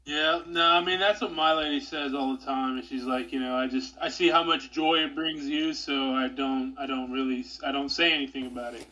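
A man's voice: mid-range voice, steady tone, fairly quick, few pauses, pushed and bright, poor audio. A man chatting casually on a podcast, answering in an easygoing, agreeable way. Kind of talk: casual chat.

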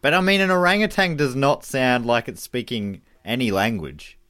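A man's voice: medium pitch, moderate pace. A man co-hosting a casual chat, reacting eagerly and thinking aloud. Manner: animated, enthusiastic reactions. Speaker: podcast co-host.

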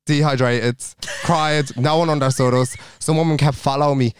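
A man's voice: on the high side, normal speed, a little hiss or hum. A young Irish man co-hosting a podcast, telling a rambling story in casual chat and acting out the other people's lines. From Ireland. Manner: animated, swearing, acts out quotes. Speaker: podcast co-host.

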